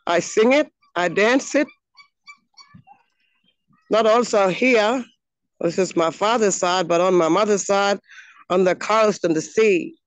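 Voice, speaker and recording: A woman from the Northern Territory of Australia with an Australian accent, speaking in an earnest, halting way with frequent pauses, giving a heartfelt personal address outdoors. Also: mid-range voice, dry recording, poor audio. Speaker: speaker at a launch event. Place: outdoors on her home land.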